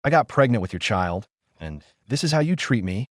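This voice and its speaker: A man's voice: fairly low pitch, very animated, fairly quick, no room sound, clean studio sound. A man voicing a tearful, manipulative young woman who pleads and reproaches in sobs. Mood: tearful pleading.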